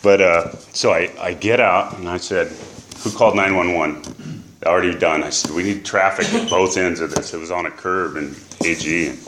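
A middle-aged man in recovery, telling an emotional personal story in a halting way with many fillers. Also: sits low, steady tone, background noise. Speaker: recovery speaker. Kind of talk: personal testimony.

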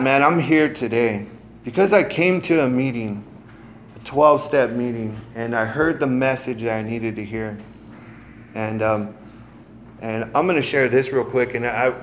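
A man's voice: mid-range voice, slight background noise. A middle-aged man giving a casual, salty personal testimony at a recovery meeting, peppered with "man" and "um". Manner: casual, frequent "man" and "um", cusses freely.

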